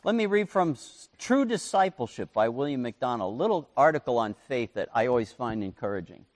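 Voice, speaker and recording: A man preaching a sermon as pastor, with animated delivery, swinging his pitch and volume and acting out quotes. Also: a little fast, big-room sound.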